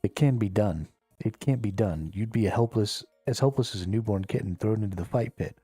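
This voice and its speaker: A man's voice: on the low side, fairly quick, mellow, slightly rough, no room sound, soft background music. A man voicing a bossy, snarky stray cat that scolds and insults a hero, reading game dialogue aloud on a live stream. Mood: scolding.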